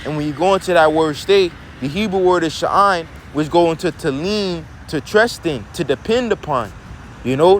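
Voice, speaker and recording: Man, preaching, fairly high voice, rhetorical questions, scripture teaching, faint car noise behind.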